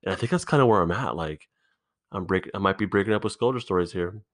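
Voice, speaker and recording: A man hosting a solo podcast, thinking out loud in a halting, rambling way, swearing often, recorded in an indoor room. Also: sits low. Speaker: podcast host.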